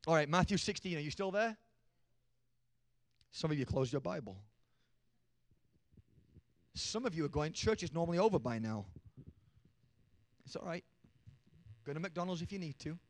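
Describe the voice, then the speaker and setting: A young man preaching a sermon to a church congregation. He jokes with the crowd and then builds to shouted emphasis. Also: on the high side, lively intonation, normal speed, long pauses. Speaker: pastor.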